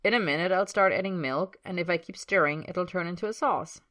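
A woman voicing a calm, curious young man who speaks quietly and reasonably in a storybook reading. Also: lowish voice, fairly quick, lightly acted.

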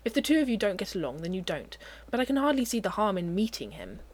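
A woman's voice: medium pitch, very animated, quick pace. A woman voicing a stuffy, uptight older upper-class man who speaks in clipped, disapproving replies. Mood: stiff.

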